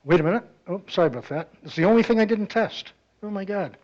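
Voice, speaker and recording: A guest speaker at a community club meeting in a meeting hall tells a joke and chats casually with the audience. His voice sits high with a darkish tone, and he talks fast and animatedly. The audio is dull and lo-fi.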